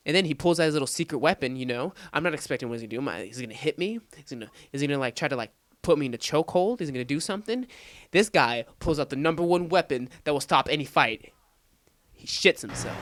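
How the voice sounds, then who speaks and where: Lively-voiced teen guy telling a crude story. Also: a little high, fast talker, no room sound. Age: late teens. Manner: rambling, crude, animated retelling. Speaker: gaming commentator. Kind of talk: casual storytelling over gameplay.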